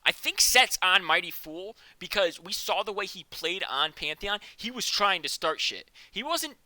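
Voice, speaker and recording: A man casting a live esports match, joking between quick breakdowns of picks and bans. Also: high-pitched, no room sound. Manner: joking, excitable, fast analytical patter. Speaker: esports caster.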